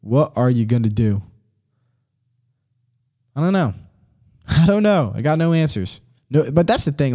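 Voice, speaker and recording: Dude ranting solo on his podcast, swears a lot, says bro, kinda higher voice for a guy. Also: mellow. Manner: blunt, swearing, slangy, fired-up. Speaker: podcast host. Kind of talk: casual solo podcast rant.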